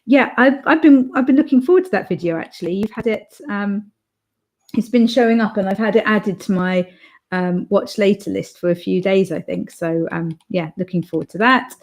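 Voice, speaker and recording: A woman's voice: mid-range voice, normal speed. A young woman hosting an author livestream, chatting casually and reading viewer comments aloud, rambling with fillers and restarts.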